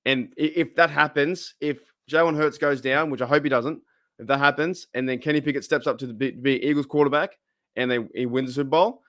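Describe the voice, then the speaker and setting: A man with an Australian accent and a hoarse, cracking voice, hosting a casual live chat and reading out viewer comments. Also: mid-range voice, fairly even intonation, brisk, fairly bright tone, dry recording, studio quality. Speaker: livestream host. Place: home room.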